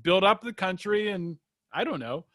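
High, bright man musing aloud, dry sound. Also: animated, normal speed, no echo. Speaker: podcast co-host. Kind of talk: casual podcast chat.

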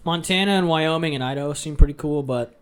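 A man's voice: fairly high pitch, quick pace. A young man from Iowa chatting casually, blunt and opinionated, swearing freely. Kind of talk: casual chat.

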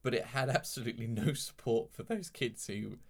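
A man's voice: mid-range voice, brisk. A man co-hosting a casual podcast chat, joking in a dry way. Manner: dry, joking, animated intonation. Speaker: co-host.

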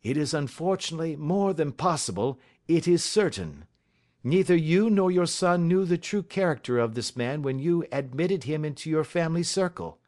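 A man voicing a composed, stern male detective in an audiobook, deliberate and authoritative. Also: a little high, lively intonation, darkish tone, natural voice. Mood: explaining. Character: calm, stern male detective, measured and assured. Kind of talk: audiobook character reading.

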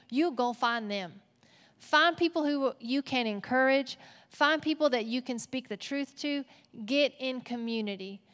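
A woman with a Texas accent preaching a sermon as a pastor, animated and playful with asides. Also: on the high side, clear, resonant tone. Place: church auditorium. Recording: long hall reverb.

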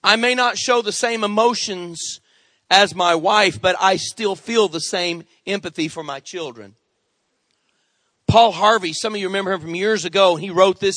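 A middle-aged man preaches a sermon with an animated delivery, pausing to call for amens from the congregation. His voice sits high and has a bright, forceful edge. The recording is dry and close. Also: dry recording. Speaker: pastor.

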